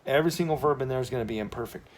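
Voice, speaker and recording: A man's voice: medium pitch, racing. A man with an ordinary mid-range voice walks a class through Spanish verb tenses in a loose, conversational way. He keeps checking in with "okay?" and corrects himself on the fly. A faint hiss sits under the classroom recording. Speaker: Spanish teacher. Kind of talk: casual classroom lesson at a whiteboard.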